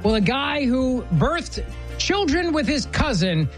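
A man's voice: very high voice, slow pace, soft background music. A man hosting a talk radio show, bantering with a producer in a wry, joking way. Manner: wry, joking, lively delivery.

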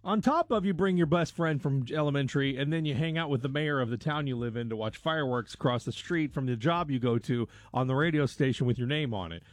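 A man's voice: medium pitch, fast talker, hardly any pauses, no room sound, studio quality. A man hosting a radio show, chatting and teasing his co-host in casual on-air banter.

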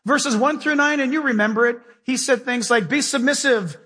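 Male pastor, high and husky, folksy and emphatic, preaching in a church with long hall reverb. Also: brisk, bright, forceful tone. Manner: emphatic, folksy preaching with direct questions to the congregation. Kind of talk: sermon. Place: church sanctuary with a live congregation.

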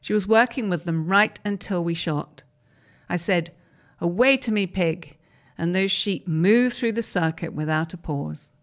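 A woman hosting a program, reading a first-person interview article aloud in a measured storytelling manner. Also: lowish voice.

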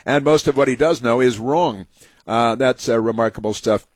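Husky-voiced man hosting talk radio. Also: medium pitch, moderate pace, no room sound. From United States. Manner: rambling, heavy fillers and restarts; emphatic, opinionated. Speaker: radio talk show host. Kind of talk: political talk radio monologue. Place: radio studio.

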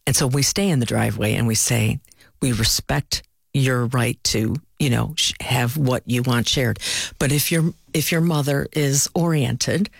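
A woman's voice: very deep voice, a little slow, gravelly, no room sound, clean studio sound. A middle-aged woman who works as a palliative care clinician, speaking as an interview guest and telling stories with earnest animation. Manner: earnest storyteller, animated, acts out quoted voices.

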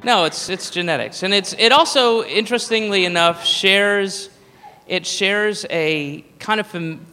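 A man's voice: high voice, unhurried, bright, forceful tone, soft background music. A man doing a rambling, profane stand-up comedy routine on a stage mic. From American South. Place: live venue stage. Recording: reverberant live hall, faint ambience.

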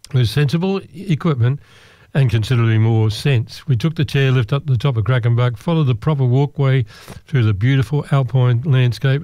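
Casting note: male raconteur, middle pitch, mellow and relaxed, self-deprecating humour. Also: no echo. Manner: self-deprecating, wry, rambling with restarts. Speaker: storyteller. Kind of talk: personal anecdote told to listeners.

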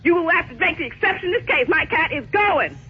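A woman's voice: very high voice, expressive, fast. A woman on a phone call, indignant and stubborn, repeating herself again and again. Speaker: prank call target. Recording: muffled phone line.

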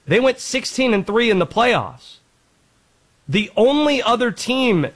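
A man hosting a sports talk segment, his voice high and very animated, leaping up and down in pitch. He makes his points with emphatic, playful commentary.

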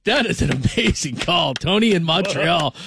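A man hosting a call-in radio show, excitable and enthusiastic, repeating himself as he reacts. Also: on the high side, moderate pace, creaky, background noise. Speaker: radio talk show host. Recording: music playing under the voice. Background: patriotic music.

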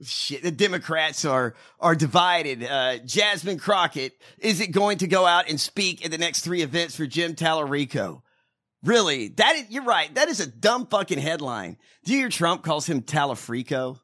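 A man's voice: on the high side, lively intonation, moderate pace, sharp tone. A man co-hosting a casual news chat podcast, swearing freely, mocking and laughing often. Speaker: podcast co-host.

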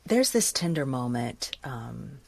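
A woman interviewing a guest, asking calm questions and introducing clips. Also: extremely low pitch, takes it slowly, creaky, husky, no room sound.

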